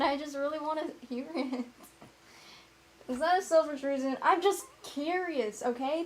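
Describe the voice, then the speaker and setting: A woman vlogger chatting casually to herself as she paints, rambling and self-mocking as she thinks out loud. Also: sits high, rough recording.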